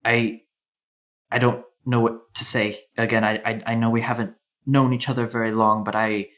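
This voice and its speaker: A woman's voice: extremely low pitch, level tone, moderate pace. A man voicing a young woman who is overwhelmed with emotion, stammering and choked up as she thanks a group and says goodbye. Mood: tearful. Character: emotional young woman saying a grateful farewell.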